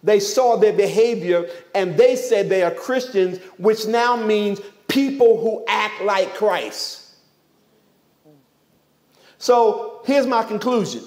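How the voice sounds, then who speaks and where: A man's voice: high voice, takes it slowly, a little mellow. A man preaching a sermon as pastor, emphatic, firing off rhetorical questions and dropping joking asides.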